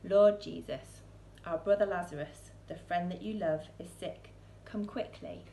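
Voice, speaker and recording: A woman's voice: on the low side, steady tone, unhurried, vocal fry, warm tone, a little hiss or hum. A woman voicing a grieving woman who earnestly pleads in a storybook reading, heard in a roomy church. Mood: pleading.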